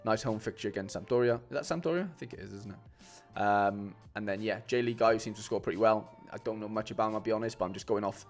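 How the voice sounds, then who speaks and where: With a lowish voice and quick delivery that barely pauses, a streamer rambles casually while working on fantasy football lineups, full of fillers and restarts, calling viewers "mate." There's faint music in the background.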